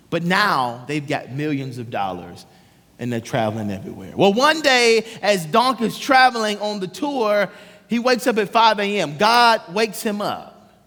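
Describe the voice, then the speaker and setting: A male pastor storytelling through a sermon, emphatic and animated with a high voice. He is captured in a large hall with a long reverb tail.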